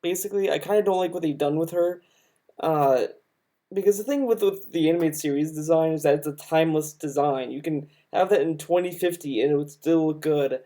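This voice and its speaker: A man on a live stream pushing back hard against a video he is reacting to. His voice is mellow and dark rather than bright, and he argues emphatically, cutting in to rebut the clip. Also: a little high, fairly quick. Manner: argumentative, emphatic, interrupts the video. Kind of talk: heated reaction commentary.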